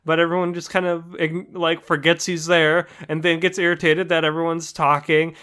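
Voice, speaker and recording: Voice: medium pitch, flat delivery, normal speed, fairly bright tone, clear, resonant tone. A podcast co-host in casual chat about an anime, laid-back and rambling, swearing freely.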